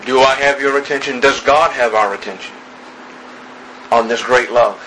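A man preaching an evening sermon, slow and emphatic, building through repeated phrases. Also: mid-range voice, sharp tone, a little hiss or hum, low-quality recording.

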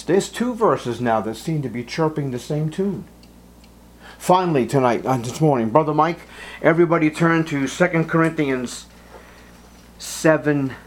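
A man preaching a sermon, acting out Bible scenes with sudden jumps in pitch and volume. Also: big pitch swings, measured pace. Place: church.

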